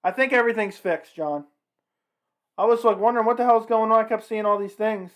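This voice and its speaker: A man with a high, fairly bright voice speaks fairly quickly as he hosts a laid-back livestream. He reacts to a fight in progress and keeps up a running conversation with his chat.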